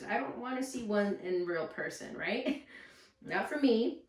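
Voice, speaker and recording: Woman first-grade teacher, slow and patient, recorded off-mic in an echoey room. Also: mid-range voice, animated, distant mic. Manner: slow, patient, sounds out hard words syllable by syllable. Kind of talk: reading a lesson aloud to young pupils.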